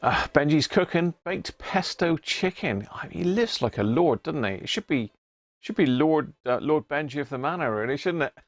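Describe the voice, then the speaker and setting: A man's voice: fairly high pitch, expressive, normal speed, no echo. A man hosting a casual live stream about restoring an old radio, chatty and greeting viewers by name as he works.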